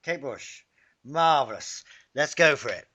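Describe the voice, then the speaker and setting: A man's voice: medium pitch, lively intonation, measured pace, bright, forceful tone, muffled recording. A man presenting a radio show, interviewing a guest with brief, encouraging replies and questions.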